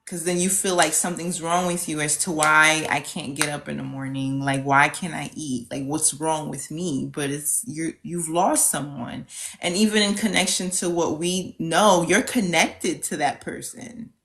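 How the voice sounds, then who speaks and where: A woman's voice: low-pitched, fairly even intonation, moderate pace, fairly bright tone. A woman guest on a podcast, talking in a reflective, thoughtful way in loose run-on phrases. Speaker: podcast guest, end-of-life specialist. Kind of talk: casual podcast conversation.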